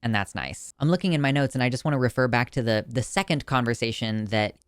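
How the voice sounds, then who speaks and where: A man talks through a film review in a loose, chatty way, circling back and restarting his sentences as he goes. His voice sits at a middle pitch and comes across smooth and clear. The sound is dry, with no room echo. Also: fast talker. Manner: chatty and emotional, full of "like" fillers and restarts. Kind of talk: casual video film review.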